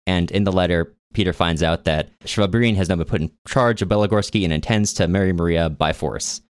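A man co-hosting a casual book podcast, retelling a story with chatty, wry asides. His voice is low and deep. The recording is dry and close, with no room sound. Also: a little fast, dry recording. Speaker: podcast co-host.

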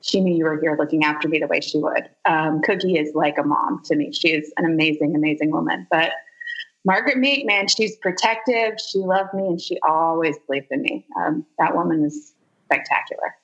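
A woman from Zimbabwe, a voice actor and podcast guest, chatting in an animated way and laughing easily. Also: low-pitched, a little fast, muffled recording. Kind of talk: casual interview.

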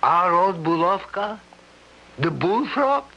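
Cast: jovial town councilman, lively bright voice, radio drama. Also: high voice, takes it slowly, creaky, dull audio, heavily acted. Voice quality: hearty, friendly, pressing. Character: jovial middle-aged town councilman, insistent old friend. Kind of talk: 1970s radio drama acting.

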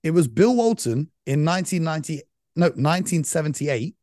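A man hosting a casual sports chat, animated and laughing as he rattles off stats. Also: a little high, a little fast, no room sound, clean studio sound. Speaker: podcast host.

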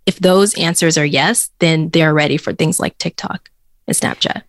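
A woman's voice: sits low, moderate pace, a little hiss or hum. A woman, a cyber security expert, answering interview questions in an earnest, explanatory way with easy laughs.

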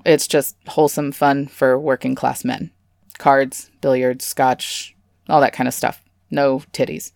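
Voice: medium pitch, creaky, no room sound, clean studio sound. A podcast host narrating a true-crime story with a comedic touch, breaking in with sarcastic asides and casual swearing.

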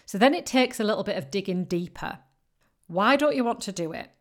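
A woman's voice: medium pitch, expressive, a little fast. A woman with a northern English accent, hosting a solo podcast as a business coach and speaking in an earnest, encouraging way. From northern England. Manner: earnest, encouraging, acts out clients' excuses.

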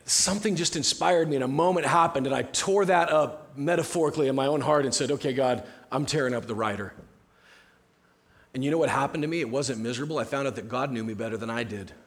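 A man preaching a sermon as pastor in a conversational way, often dropping to a soft, hushed tone. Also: mid-range voice, fast talker, hardly any pauses. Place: church sanctuary.

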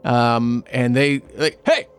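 Casting note: male game master, mid-pitched, halting delivery, many "uh"s and "like"s. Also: animated. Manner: halting, filler-heavy narration. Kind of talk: narrating a tabletop game.

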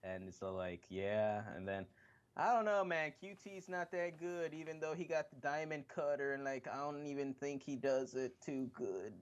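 A man's voice: fairly high pitch, moderate pace, dull audio. Rambling, cursing male podcast host. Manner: rambling, profane, acts out quotes. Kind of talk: casual wrestling chat.

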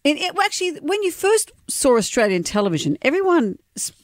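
A woman's voice: high voice, sing-song, fairly quick, dry recording, studio quality. A woman co-hosting a radio show in casual chat, opinionated and wry. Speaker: radio co-host.

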